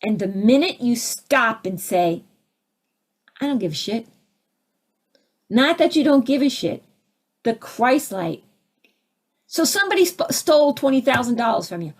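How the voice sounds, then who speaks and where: Middle-aged lady w/ a kinda high voice doing a spiritual teaching talk, super animated, lots of "right?". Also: moderate pace. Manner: animated, acts out quoted voices, rhetorical questions.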